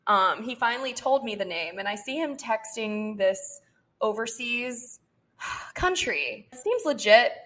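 Young female podcast co-host, slightly high voice, lively casual storyteller who quotes others and breaks into laughter. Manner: animated, quotes people in her own voice, laughs often.

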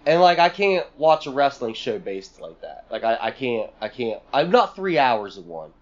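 A man's voice: mid-range voice, very animated, normal speed, dull audio. A man co-hosting a podcast, venting in a profane, exasperated rant full of sarcastic mock quotes. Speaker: podcast co-host.

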